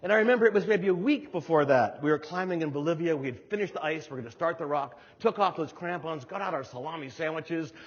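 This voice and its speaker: A middle-aged man from New Jersey delivers a lively, humorous keynote story, slipping into voices as he acts out scenes. His voice is slightly high and husky. The recording is dull and muffled, with the long reverb of a large hall. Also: quick pace, few pauses. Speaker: keynote speaker.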